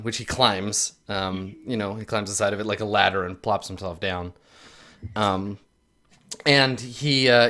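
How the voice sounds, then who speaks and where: Hesitant game master narrating. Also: male voice, lowish voice, fairly bright tone. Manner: hesitant, full of fillers, lightly amused.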